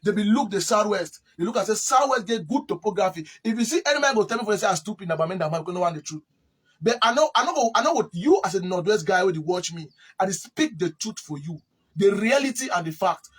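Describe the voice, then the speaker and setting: A man's voice: sits high, expressive, fast talker, husky. A man from Cameroon with a Cameroonian Pidgin English accent, giving a rambling spoken account of history and repeating words as he searches for them. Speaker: interviewee.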